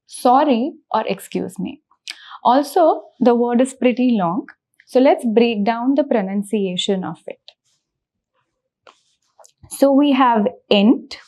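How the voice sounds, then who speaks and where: A woman teaching a beginner language lesson, explaining slowly and patiently and repeating each example. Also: on the high side, mellow, low-quality recording.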